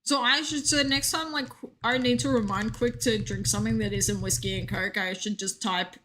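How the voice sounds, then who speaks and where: A woman's voice: a little high, fairly even intonation, normal speed, bright, forceful tone. A young woman streaming a game, chatting casually and reading out chat with joking asides.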